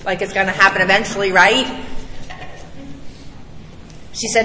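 Candid woman speaker, middle-aged, bright and emphatic, roomy hall sound, faint background hum. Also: mid-range voice, steady tone, a little slow, long pauses. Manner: candid, emphatic, blunt storytelling. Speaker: recovery speaker. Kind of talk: personal recovery testimony. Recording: echoey hall, distant mic.

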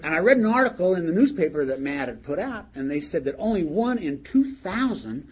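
A man's voice: fairly high pitch, sing-song, brisk, slightly rough. An older man sharing a humorous story of his own at a recovery meeting, in a folksy manner and laughing along with his own words. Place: meeting hall. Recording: dull lo-fi recording with faint hiss.

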